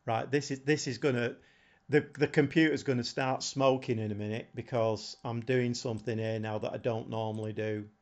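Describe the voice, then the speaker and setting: A man's voice: medium pitch, steady tone, moderate pace, a little mellow. A man chatting casually on a live stream, thinking aloud in a rambling way and chuckling often. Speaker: game streamer.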